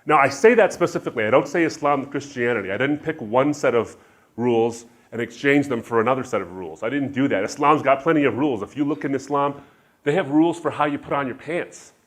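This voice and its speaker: Brief: middle-aged male Christian speaker, mid-pitched, emphatic storytelling lecture. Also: fast talker. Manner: emphatic, shifting sharply between loud stress and quiet asides. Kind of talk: sermon-style lecture with anecdotes.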